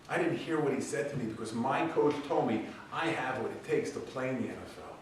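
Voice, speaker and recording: A middle-aged man giving a graduation speech, an animated storyteller who acts out the people he quotes. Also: fairly high pitch, a little hiss or hum. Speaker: commencement speaker. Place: large event hall. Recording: echoey hall, voice from far off.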